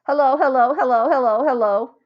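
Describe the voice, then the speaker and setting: Bossy giggly schoolgirl, high and mocking, voiced by a woman reader; storybook audio, a bit dull. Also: very animated, takes it slowly, exaggerated voice. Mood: teasing. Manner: shrill, mocking sing-song. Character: bossy teasing schoolgirl, loud and giddy.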